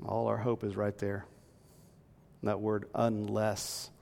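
A man's voice: fairly low pitch, darkish tone. A man preaching a sermon, reading scripture aloud and explaining it earnestly, rising to emphatic peaks. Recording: long reverb in a large hall.

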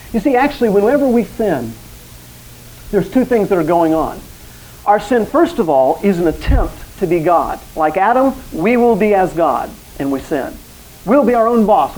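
A man's voice: high-pitched, a little mellow, poor audio. Earnest male preacher, faint hiss. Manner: earnest, direct address with quoted voices. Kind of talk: evening sermon.

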